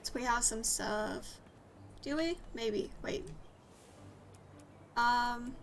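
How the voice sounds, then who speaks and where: A woman streams a game with casual, rambling, giggly commentary. Her voice is high and bright, and she talks at an unhurried pace. Game music plays faintly under her. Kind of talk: casual let's-play commentary.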